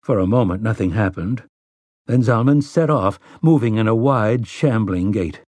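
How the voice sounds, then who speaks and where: A man narrating an audiobook in a measured storytelling manner. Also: fairly low pitch, expressive, darkish tone, no echo, studio quality. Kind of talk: scripted narration.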